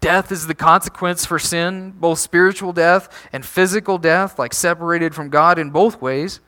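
Man, pastor, sermon, high voice, bright tone, animated, rhetorical questions. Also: normal speed. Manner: animated preaching with rhetorical questions and frequent restarts.

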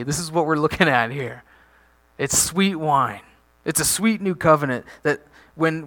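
A man delivers a sermon in a high, bright voice. He preaches with animation, tossing rhetorical questions at the congregation and restarting phrases as he builds his points. His tone stays energetic and direct. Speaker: pastor.

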